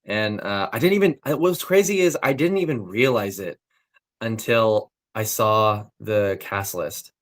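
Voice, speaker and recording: A man's voice: fairly low pitch, expressive, a little slow. A young man, a voice actor, talking casually in an interview, loose and full of fillers as he explains his craft. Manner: loose, filler-heavy, technical talk with frequent likes and ums. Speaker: voice actor guest.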